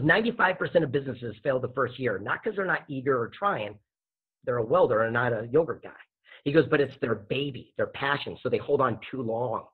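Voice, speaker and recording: A man, a podcast guest and author, telling a story with lively acted-out dialogue. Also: medium pitch, breathy edge. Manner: animated storyteller acting out dialogue. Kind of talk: storytelling interview answer. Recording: tinny phone-like line.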